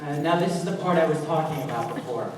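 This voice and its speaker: Man doing a rambling musical fan, high voice, echoey distant hall, noisy. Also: quick pace, a little mellow, close to an everyday voice. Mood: musing. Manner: musing, confiding, rising to exclamations. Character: wistful, rambling middle-aged male show-tune fan. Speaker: stage actor. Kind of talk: school stage musical acting. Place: school auditorium stage.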